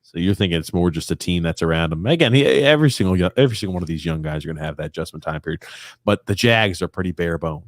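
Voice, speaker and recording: Deep-voiced male sports podcast host. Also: rapid-fire, no echo, clean studio sound. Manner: reads out listener comments, chatty. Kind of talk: casual sports talk.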